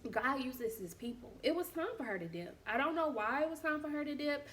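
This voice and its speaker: A woman's voice: high-pitched, expressive, fairly quick, a bit bright, slight background noise. A woman hosting a casual faith talk, speaking candidly in slangy, storytelling fashion. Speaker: podcast host and boutique owner.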